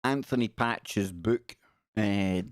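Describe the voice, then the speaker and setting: A slow-paced male livestream host whose voice sits on the low side, in a clean studio recording without room sound. Chatting casually, he jokes and reacts aloud to pictures with quips.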